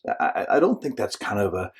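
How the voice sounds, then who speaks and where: A lower-voiced man with a slightly husky tone gives a relaxed devotional talk as a church minister. He tells the story in a chatty way, with restarts and asides, and sometimes drops to a whisper or bursts into a shout to act out the voices. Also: a little fast. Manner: frequent restarts and filler asides. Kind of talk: informal short devotional talk.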